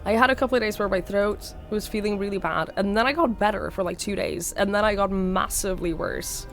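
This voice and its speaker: Hoarse sick norwegian girl streaming, slight accent, chatty, coughs here and there, mid-pitch voice. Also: brisk, faint music behind. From Norway. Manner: chatty, thanks viewers by name, coughs now and then. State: hoarse, sick with a sore throat. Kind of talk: casual live-stream chat.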